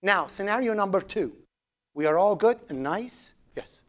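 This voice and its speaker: Animated lecturer joking with his class. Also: sits high, moderate pace. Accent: Persian. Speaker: programming instructor.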